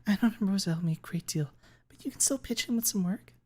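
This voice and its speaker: A man putting on a tiny shy dinosaur lady, breathy. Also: sits high, fast, pitched above the performer's own voice. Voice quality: soft breathy whispery voice. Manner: polite and fussing, hushed. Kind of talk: visual novel read aloud.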